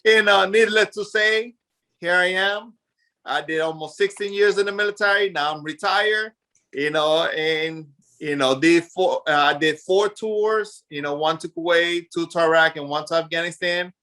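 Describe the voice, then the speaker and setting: This is a man in his forties with a Puerto Rican accent, talking as a guest on a podcast. He tells stories in an animated way and acts out the voices of people from his past, filling the gaps with "you know." His voice is bright and sits a little high for a man. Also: moderate pace. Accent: Puerto Rican Spanish. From Puerto Rico. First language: Spanish. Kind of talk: casual storytelling interview.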